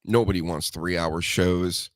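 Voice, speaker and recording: A man hosting a casual podcast chat, animated and profane, breaking into mocking voices. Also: low-pitched, unhurried, no echo. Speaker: podcast host.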